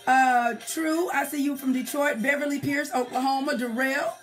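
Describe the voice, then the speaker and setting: A woman's voice: sits high, steady tone, normal speed, faint music behind. A woman hosting a live-stream show, chatting casually and greeting viewers by name. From United States. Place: indoor home studio under bright lights. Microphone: webcam or phone live stream.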